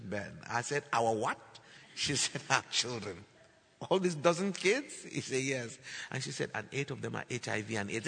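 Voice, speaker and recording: A man preaching a sermon, telling a story and acting out the dialogue, building to loud declarations. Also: mid-range voice, animated, moderate pace, gravelly, husky. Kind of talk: sermon testimony. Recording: long hall reverb.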